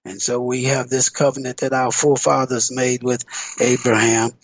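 Male radio teacher, earnest and deliberate, average pitch, dry studio sound, leans on repetition. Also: level tone, no room sound, low-quality recording. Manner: earnest, emphatic, repeats key phrases; measured delivery with hesitant fillers.

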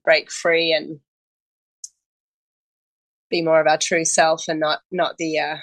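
A woman guest speaking gently and reflectively, often giggling between thoughts. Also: low-pitched, little pitch movement, takes it slowly, no echo, poor audio.

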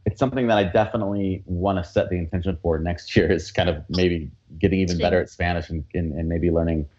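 A man who works as a coach, chatting as a guest in a relaxed, easygoing way with frequent fillers and laughs. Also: deep voice, fast talker, lo-fi sound. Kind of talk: casual interview chat.

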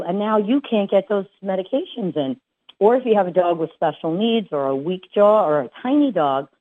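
A woman dog trainer giving casual advice, chatty and full of fillers and restarts. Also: mid-range voice. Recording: tinny phone-like sound.

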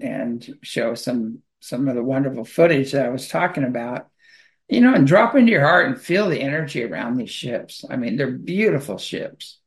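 A man on a talk radio show, rambling loosely with many fillers and restarts as he talks about spirituality. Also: medium pitch. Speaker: radio show guest speaking on spirituality and UFOs. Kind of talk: casual monologue.

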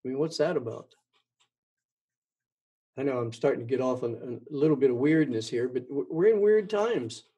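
A man's voice: medium pitch, normal speed, long pauses, warm tone, slightly rough. A man hosting his own show, talking in a rambling monologue, stumbling and repeating words with many ums. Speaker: podcast host.

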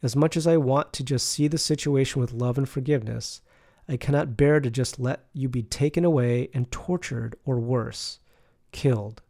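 Loyal pleading male disciple, read by a man, gravelly dark voice, earnest and strained. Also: medium pitch, moderate pace, natural voice.

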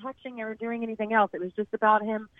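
A woman in her thirties, a guest telling a dating story in a chatty, animated way. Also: on the high side, fast, dry recording. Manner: chatty, animated, acts out quoted voices. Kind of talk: casual storytelling. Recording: tinny phone-line sound.

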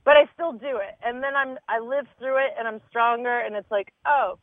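A woman's voice: on the high side, moderate pace, dry recording. Candid woman comic on a tinny line. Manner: candid, swears casually, acts out her own thoughts. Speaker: stand-up comedian, guest. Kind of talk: casual podcast chat. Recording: dry, tinny phone-like sound.

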